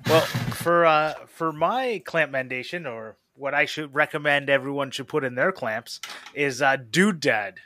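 A man's voice: a little high, a little slow, bright, forceful tone, no room sound, studio quality. A man co-hosting a podcast in casual chat, rambling through recommendations with laughs. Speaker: podcast co-host.

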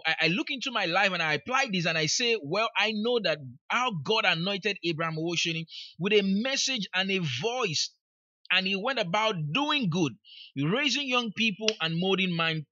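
Bright, high-voiced Nigerian man teaching. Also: no echo, highs cut off. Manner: emphatic, repeats phrases for emphasis. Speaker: speaker and life coach. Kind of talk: motivational teaching talk.

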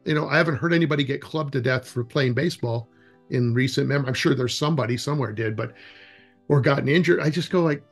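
A man's voice: medium pitch, fast, soft background music. A man being interviewed about outdoor education, telling anecdotes in a loose, rambling way and acting out the dialogue. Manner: animated, acts out quoted dialogue in anecdotes; loose and rambling, with frequent restarts. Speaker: executive director of a wilderness education program, interview guest. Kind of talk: casual interview storytelling.

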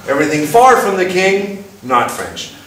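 A man giving a playful, lively lecture to an audience, asking them questions and putting on voices. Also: sits high, normal speed. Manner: animated, playful, puts on voices and asks the crowd questions. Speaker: speaker giving a talk. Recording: echoey room from far off with faint noise.

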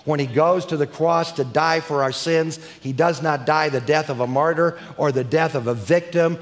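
A man preaching a sermon emphatically, building to crescendos and slowing down to stress key words. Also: fairly high pitch, faint music behind. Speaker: preacher and teacher. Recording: long hall reverb.

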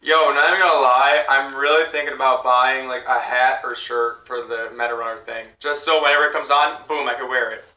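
A man hosting a reaction video, chatting excitedly to viewers. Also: medium pitch, fairly quick, hardly any pauses, reverberant, recorded from a distance, muffled recording. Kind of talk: casual reaction commentary.

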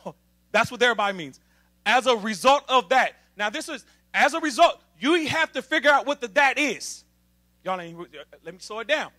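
A man preaching an emphatic sermon to a congregation, calling for responses from the pews and building up to shouting. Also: extremely high pitch, expressive, normal speed. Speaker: assistant minister.

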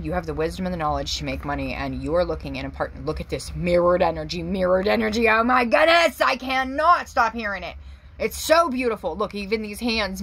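A young woman giving a tarot reading to her viewers, talking excitedly and emphatically, with loud bursts and low murmurs. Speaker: tarot reader.

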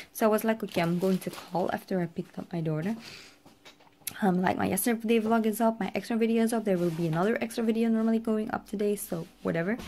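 A woman's voice: medium pitch, dark tone, a little hiss or hum. A woman vlogging casually, chatty and full of fillers. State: teary and emotional. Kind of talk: casual vlog chat.

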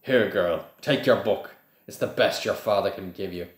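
A man's voice: low-pitched, normal speed, echoey room, natural voice. A man reading aloud voices a cold, sneering aristocratic father full of contempt. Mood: contemptuous.

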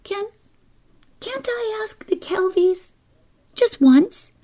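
A woman's voice: very high-pitched, expressive, slow, warm tone, pitched above the performer's own voice, heavily acted. A woman voicing an eager little girl begging her mother, in a storybook reading. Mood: pleading.

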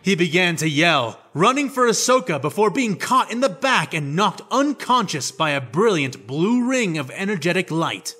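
A man narrating a fan fiction story in a steady, descriptive reading. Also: sits high, moderate pace, few pauses.

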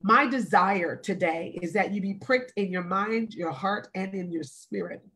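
A woman in her forties speaks over a live stream as a wellness speaker. Her voice sits at a middle pitch, and she talks slowly and deliberately, stressing and repeating her phrases for weight. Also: fairly bright tone. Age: 40s. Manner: slow, emphatic, repeats phrases. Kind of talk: earnest, deliberate talk. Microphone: video call or live stream.

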